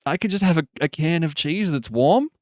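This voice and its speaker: A man's voice: on the high side, lively intonation, moderate pace, darkish tone, slight background noise. A man chatting casually on a live stream, rambling and joking, with frequent swearing. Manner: rambling, jokey, swears often.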